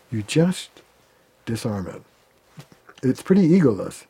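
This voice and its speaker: Male therapist guest: mellow, relaxed tone; lively storyteller who slips into quoted voices. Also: mid-range voice, a little slow, breathy edge. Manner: animated, acts out quoted arguments. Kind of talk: conversational interview.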